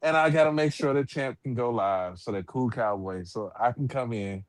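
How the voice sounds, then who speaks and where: A man's voice: mid-range voice, moderate pace, a little hiss or hum. A man trash-talking in a casual sports chat on a stream, boastful and teasing. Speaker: podcast co-host. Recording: online stream call.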